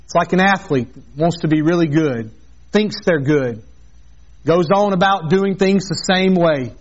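A man's voice: fairly high pitch, unhurried, highs cut off. A man preaching an earnest sermon as a pastor, mixing scripture with a personal story.

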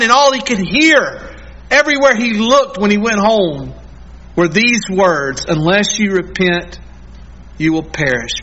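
A man preaching a sermon as pastor, earnest and emphatic, drawing out key words slowly. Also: extremely high pitch, pushed and bright, dull audio.

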